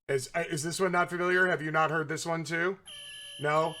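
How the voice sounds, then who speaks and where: A man's voice: on the high side, steady tone, a little fast, bright, forceful tone. A man hosting political commentary, ranting in a sarcastic, mocking way and swearing freely.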